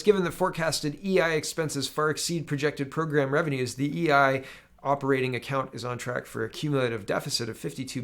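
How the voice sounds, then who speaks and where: A man's voice: mid-range voice, vocal fry. A man hosting a political commentary show, from Canada, reading headlines aloud and riffing on them in a sarcastic, rambling way.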